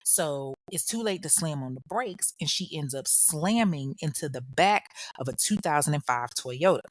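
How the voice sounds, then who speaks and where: A woman with a notably low voice hosts a true crime podcast, recounting events in a casual, slangy way. She talks straight to the listener as if chatting with a friend. Her voice sits close and dry on the mic, with no room sound. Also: lively intonation, normal speed, dry recording. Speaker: podcast host.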